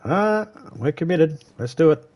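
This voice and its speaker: A man's voice: a little high, expressive, a little slow, darkish tone. A man chatting casually on a live game stream, swearing freely, laughing often and rambling. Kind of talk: casual gaming chat. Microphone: headset.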